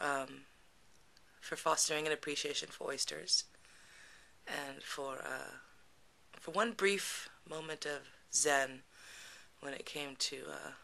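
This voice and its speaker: A woman's voice: sits low, creaky, pushed and bright. A woman telling a frank personal story in a casual, chatty way, laughing often and full of fillers. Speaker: podcast storyteller.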